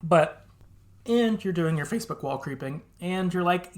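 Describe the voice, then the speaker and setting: A man's voice: on the high side, moderate pace. A man co-hosting a podcast, chatting casually and laughing often as he recaps a game and acts out its quoted lines. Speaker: podcast co-host.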